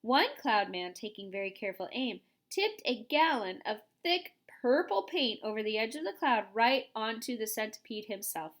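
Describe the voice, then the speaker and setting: A woman reading a children's storybook aloud in an animated, expressive way. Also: a little high, normal speed, few pauses. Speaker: reader.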